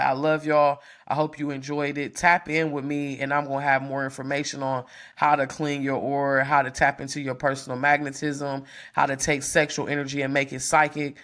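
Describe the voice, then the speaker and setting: A woman's voice: low voice, a bit bright. Woman podcast host; frank, profane, teacherly, keeps asking "okay?". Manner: blunt, profane, preachy; keeps checking in with listeners. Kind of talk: casual frank monologue to listeners.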